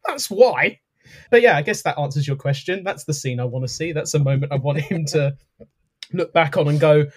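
A man's voice: a little high, brisk, breathy edge. A man co-hosting a casual podcast, telling stories animatedly and acting out imagined lines. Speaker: podcast co-host. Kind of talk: casual chat.

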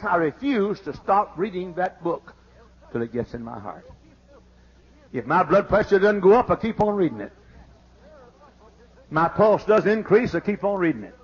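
A man preaching a fiery sermon as pastor, exclaiming and shouting praise. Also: high voice, lively intonation, normal speed, pauses often, slightly rough. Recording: dull lo-fi archive sermon tape.

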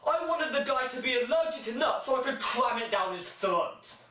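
A young man delivering a sarcastic comic monologue, breaking into shrill mocking voices. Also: expressive, moderate pace, bright, forceful tone, slight background noise. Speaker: comedian. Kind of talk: stand-up style comic monologue. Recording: echoey room, mic held far off.

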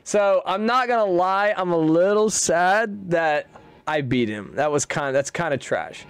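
A man's voice: sits high, animated, unhurried, clean tone, dry recording. A young man giving casual, profane live commentary while streaming a game. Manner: casual and profane, swears freely.

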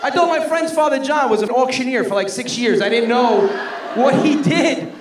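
A male stand-up comedian performing a mocking, animated set in a comedy club. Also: extremely high pitch, moderate pace, some chatter behind. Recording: echoey live club with audience noise.

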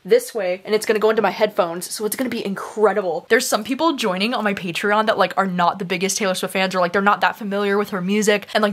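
A young woman chatting casually in a home vlog, excitable, laughing and swearing often. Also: mid-range voice, fast, few pauses. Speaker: vlogger.

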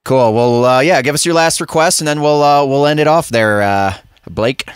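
A man's voice: medium pitch, normal speed, clean tone, dry recording, studio quality. A man hosting a podcast, chatting in an easygoing, stammering way. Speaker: podcast host. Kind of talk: casual podcast chat.

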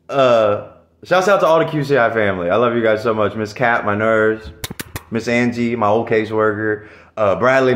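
A man talking casually with loose laughs and trailing asides, singing bits a cappella. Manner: loose, laughing, self-deprecating, trails off low. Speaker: amateur singer sharing a cover. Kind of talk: casual rambling shout-outs between a cappella singing. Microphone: handheld mic. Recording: echoey room.

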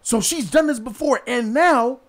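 Blunt high-voiced man lecturing. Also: measured pace, fairly bright tone. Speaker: vlog host. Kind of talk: casual street commentary. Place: outdoors in a city.

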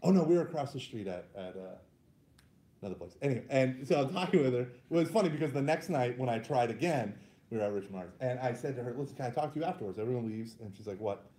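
Talking fast, with reverb around his medium-pitched voice, this youth minister entertains a group with comic stories at his own expense. He stays lively, pokes fun at himself, and cracks up at his own anecdotes.

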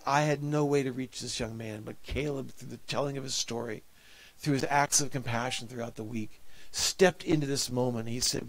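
A man's voice: mid-range voice, gravelly, dry recording. A man preaching a sermon as a pastor, telling a personal story in an earnest, heartfelt way.

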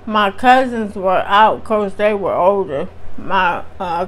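A woman vlogger with a strained voice, telling a personal story to her viewers in a candid, chatty way. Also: mid-range voice. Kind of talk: casual storytime chat.

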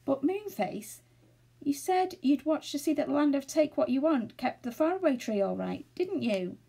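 A woman reading aloud and voicing a gentle, worried little fairy girl. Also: high-pitched, sing-song, normal speed, vocal fry, husky, voice pushed up, heavily acted. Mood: anxious. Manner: anxious and soft-hearted.

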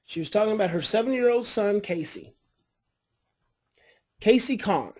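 A man, an adoption coach and therapist, telling a story to his class in a lively way and acting out the people in it. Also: high-pitched, normal speed, slightly rough. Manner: animated storytelling, acts out quoted voices.

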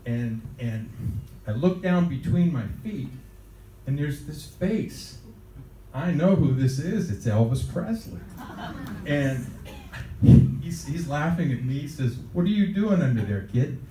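This older man has a slightly high voice with a dark tone and lively intonation, speaking slowly with long pauses. As an interviewee, he rambles through a childhood anecdote, chuckling often as his words tumble out in starts and restarts. The mic is distant in a roomy space, with faint ambience and slight background noise.

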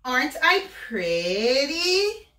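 A woman's voice: high-pitched, very animated, very slow, sharp tone, pitched above the performer's own voice, full character voice. A woman voicing a vain, boastful little girl in a red cape, sing-song and preening, recorded in a roomy space from a distance.

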